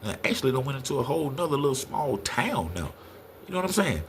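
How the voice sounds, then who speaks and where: A man's voice: quick pace, slight background noise. A middle-aged man telling a story in casual talk, acting out the quoted lines in a raised voice. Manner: animated, acts out quotes in a higher voice.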